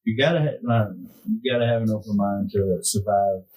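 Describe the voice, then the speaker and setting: Husky-voiced man teasing in banter. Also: on the low side, a little fast, a little mellow, poor audio. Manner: teasing banter, many short agreements. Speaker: podcast host. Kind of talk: casual chat.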